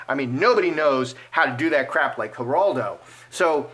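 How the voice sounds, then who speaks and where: A man giving casual fortune-telling commentary as he reads cards, animated and playful, acting out imagined speech. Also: medium pitch, normal speed, few pauses. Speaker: card reader.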